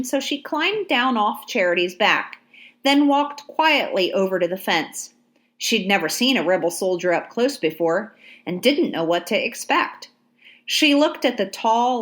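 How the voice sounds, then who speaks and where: Woman narrating a historical novel. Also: medium pitch. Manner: measured, even storytelling. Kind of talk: audiobook narration.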